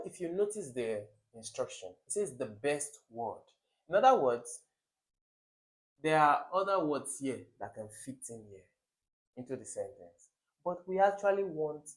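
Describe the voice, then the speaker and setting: A man with a Nigerian English accent, talking through exam questions one by one as a tutor. He explains patiently, repeats the key words, and gives a small laugh at the wrong options. His voice sits at a middle pitch. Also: poor audio. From Africa.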